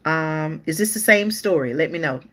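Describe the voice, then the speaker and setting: A woman's voice: low-pitched, expressive, moderate pace, a bit bright. A woman hosting a live-stream news show, reading articles aloud in a chatty way and talking straight to her viewers, often stopping to restart or look things up.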